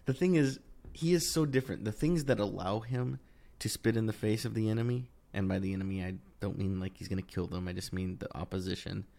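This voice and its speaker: Low-voiced man in animated casual chat. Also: a little fast, gravelly. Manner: animated, rising in pitch when worked up, many restarts.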